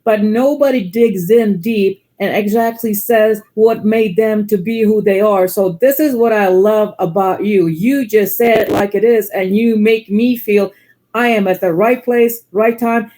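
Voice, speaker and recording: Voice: medium pitch, warm tone, poor audio. A participant in a casual group talk, speaking with emphatic enthusiasm.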